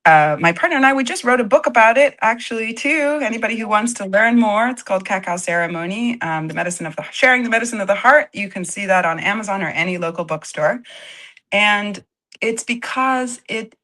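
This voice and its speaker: A woman's voice: medium pitch, fairly quick. A woman co-hosting a live stream over a video call, talking animatedly about cacao ceremonies and laughing often. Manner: animated, drops into Brazilian Portuguese phrases, laughs often. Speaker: retreat co-host and cacao facilitator. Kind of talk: casual live-stream chat.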